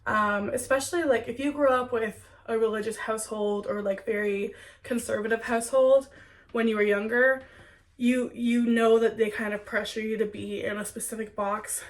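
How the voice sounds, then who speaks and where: A woman's voice: a little high, fairly even intonation, normal speed. Earnest young woman, a little far from the mic. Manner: earnest, heartfelt, chatty with many "like"s. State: sick with a cold. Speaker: spiritual content creator. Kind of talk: Q&A vlog, talking to viewers.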